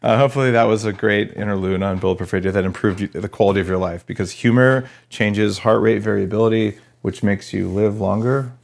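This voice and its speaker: A man's voice: fairly low pitch, steady tone, brisk, creaky, hardly any pauses. A man from New Mexico hosting a podcast interview, chatty and fond of jokes. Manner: chatty, joking. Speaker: podcast host.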